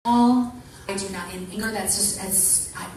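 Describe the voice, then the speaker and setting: A woman giving an animated motivational talk to a women's group, acting out the people she quotes. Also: mid-range voice, unhurried. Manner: animated, acts out quoted voices. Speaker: motivational speaker. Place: meeting room with an audience. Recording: echoey room from far off, faint noise.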